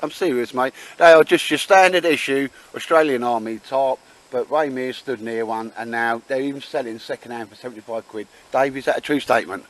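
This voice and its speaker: A man's voice: medium pitch, a little fast, rough recording. Man with jokey banter. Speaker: bushcraft vlogger. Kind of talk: casual chat in the woods. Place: woods outdoors.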